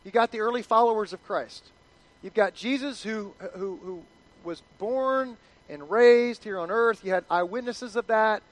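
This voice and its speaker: A middle-aged male pastor preaching a sermon in an animated, conversational way, acting out quotes. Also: high-pitched, moderate pace, low-quality recording.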